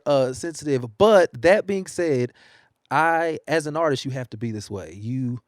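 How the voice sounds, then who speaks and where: Here a working singer from the US, interviewed casually at a newspaper studio, tells energetic stories about his career and laughs frequently. His voice is fairly high and unhurried, recorded with clean studio sound and no room sound.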